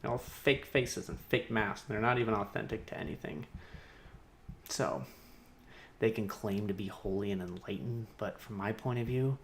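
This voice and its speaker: A man talking alone on a livestream, rambling and laughing to himself, swinging between loud outbursts and muttered asides. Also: fairly low pitch. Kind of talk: rambling solo livestream monologue. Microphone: streaming mic.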